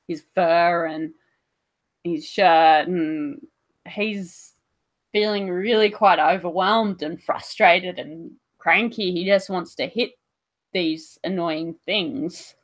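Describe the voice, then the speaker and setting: A woman narrating her character in a tabletop role-playing game, rambling casually with many fillers. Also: lowish voice. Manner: unhurried, rambling, lots of fillers like "like" and "um".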